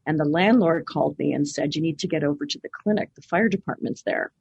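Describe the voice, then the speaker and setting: A woman's voice: low voice, quick pace, creaky, darkish tone, husky, no echo, dull audio. A middle-aged woman from Canada, a guest on a podcast, animatedly telling stories and acting out the voices she quotes. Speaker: podcast guest, clinic owner. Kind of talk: casual interview storytelling.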